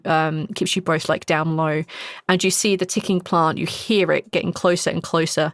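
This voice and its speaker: A woman's voice: on the low side, dry recording. A woman narrating a horror tabletop game as game master, rambling with many fillers. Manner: rambling, full of likes and ums.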